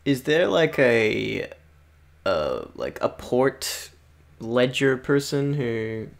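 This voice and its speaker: Gravelly-voiced male player. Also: medium pitch, lively intonation, drawn-out words. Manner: casual, searching for words. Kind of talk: tabletop game chat.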